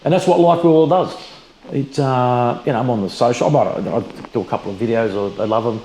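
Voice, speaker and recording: A man's voice: mid-range voice, a little fast, a little hiss or hum. A middle-aged Australian man, a business founder and mentor, chatting as an interview guest and acting out quoted exchanges as he tells stories. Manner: animated storyteller, acts out quoted exchanges. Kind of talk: casual interview conversation. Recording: echoey room, faint ambience.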